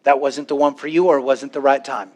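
A man preaching a sermon to a church congregation, animated, now and then acting out worried voices. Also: medium pitch, a little fast. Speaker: pastor.

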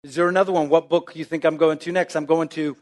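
A man with a high voice preaches to his congregation. He drives each point home with repeated rhetorical questions, and his pitch climbs on the big lines. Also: fairly even intonation, fast talker, a little mellow. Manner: emphatic, rhetorical questions, calls for amen. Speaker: pastor. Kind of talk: sermon.

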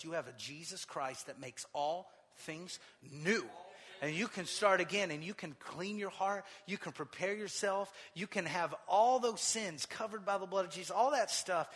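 A man preaching in a church sanctuary, his bright, forceful tone ringing through a long hall reverb. He tells a personal story in a hushed, confiding voice, then builds into fervent exhortation. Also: fairly high pitch, slightly rough. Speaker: pastor. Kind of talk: sermon.

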